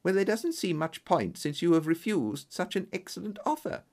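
A reader voicing a curt, sharp woman who runs an employment agency in a storybook reading, with a gravelly voice. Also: mid-range voice, animated, normal speed, close to an everyday voice. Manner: sharp and dismissive.

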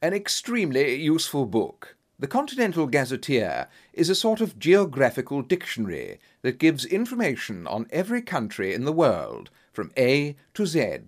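Expressive male storybook narrator. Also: medium pitch, normal speed, few pauses. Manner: clear, expressive reading.

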